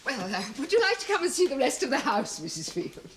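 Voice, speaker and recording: An actress playing a flustered, chatty middle-aged wife in a 1970s British TV comedy. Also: female voice, sits high, big pitch swings, fairly quick. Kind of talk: 1970s British TV sitcom acting. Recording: old TV sound with faint hiss.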